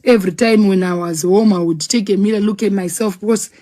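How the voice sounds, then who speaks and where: A woman telling her own story in a dramatic, animated way, acting out scenes with sound words. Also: medium pitch, brisk. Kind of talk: personal storytelling.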